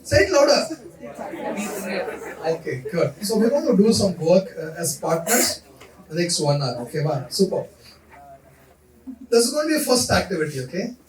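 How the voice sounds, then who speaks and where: Energetic man coaching in an echoey hall. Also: high-pitched, moderate pace, pauses often, far from the mic. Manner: energetic, coaxing, repeats instructions. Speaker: leadership coach running a workshop. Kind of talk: interactive workshop talk to students.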